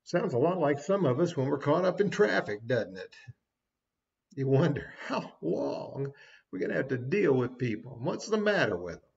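A man's voice: fairly high pitch, big pitch swings, moderate pace, vocal fry, lo-fi sound. A man giving a short devotional sermon as a preacher, folksy and conversational with small asides.

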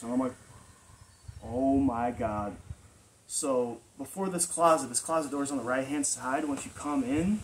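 Brief: male vlogger, casual rambling storyteller, average pitch, noisy recording. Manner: rambling, full of fillers. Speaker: vlog storyteller.

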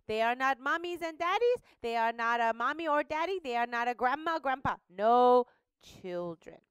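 A woman teaching a Bible lesson to young children, asking questions and having them repeat words slowly. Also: on the high side, clean tone, no echo, studio quality. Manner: animated, slow and questioning, prompts children to repeat. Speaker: Sunday school teacher. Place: studio.

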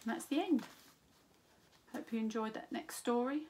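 A woman, a school teacher, reading a children's story aloud in an expressive, unhurried way. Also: a little high, a little hiss or hum.

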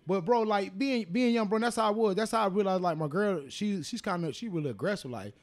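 A man co-hosting a podcast, bantering crudely and loudly, repeating lines for emphasis. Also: high voice, fairly quick. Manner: loud, boastful, repeats himself for emphasis. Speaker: podcast co-host.

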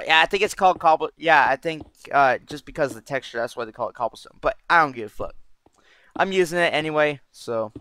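A man's voice: mid-range voice, a bit bright, clear, resonant tone, dry recording. A man giving casual gameplay commentary as a channel host, brash and profane, rambling as he plays.

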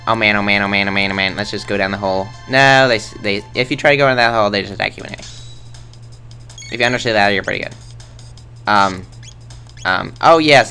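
A man's voice: on the low side, bright, forceful tone. A man rambling through casual game commentary in a goofy, self-mocking way, tossing in silly sound effects. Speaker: let's play host.

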